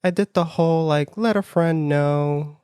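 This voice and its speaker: Animated man telling a dating story. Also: on the high side, unhurried, clear, resonant tone, dry recording, clean studio sound. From United States, near New York. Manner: animated, acts out his own lines in quotes; frequent "like" fillers, laughs through story. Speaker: podcast co-host. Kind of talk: casual storytelling chat.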